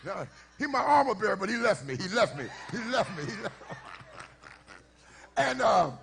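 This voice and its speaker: A middle-aged man, a pastor, telling a story in a sermon before his congregation, shifting from easy conversational talk to shouted preaching. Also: sits high, sing-song, fairly quick, vocal fry. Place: church sanctuary before a congregation.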